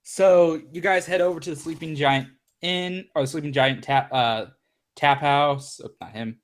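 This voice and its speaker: A man's voice: on the high side, fairly even intonation, normal speed. A man narrating a tabletop game as game master, rambling with many fillers.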